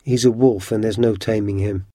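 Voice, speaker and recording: A man's voice: on the low side, steady tone, normal speed, warm tone, dry recording, studio quality, lightly acted. A man reading the part of an earnest, cautious but kind-hearted man in a story.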